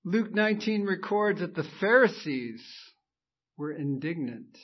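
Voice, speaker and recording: Slow, fervent preaching man. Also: high voice, expressive, highs cut off. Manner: emphatic, rising to fervent exclamations. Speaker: pastor. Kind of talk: sermon.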